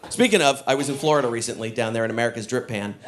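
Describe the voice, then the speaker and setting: A man performing a stand-up comedy set with a punchy, animated delivery, often slipping into character voices. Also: mid-range voice, racing, background noise. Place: comedy stage before a laughing audience.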